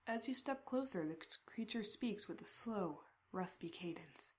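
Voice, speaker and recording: A woman playing a text adventure, reading the descriptions aloud and breaking into excited reactions. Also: mid-range voice, moderate pace. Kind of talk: casual game playthrough.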